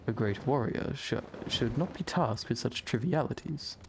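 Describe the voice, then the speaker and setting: A man's voice: medium pitch, expressive, moderate pace, noisy background, close to an everyday voice. A man reading as a courtly warrior father. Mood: courteous. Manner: formal, courtly phrasing. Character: dignified formal adult male warrior father.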